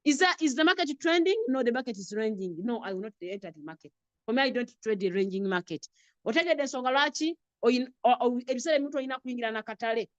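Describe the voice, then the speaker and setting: A woman's voice: on the high side, animated, fast talker, no echo, muffled recording. A woman with a Ugandan accent teaching an online trading class over a video call, repeating points and drilling lists. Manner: repetitive, drilling lists, chuckles often.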